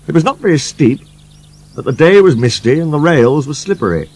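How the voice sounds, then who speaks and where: A man narrating a children's storybook in a lively reading. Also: a little high, a little fast, a little hiss or hum. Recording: narration over music.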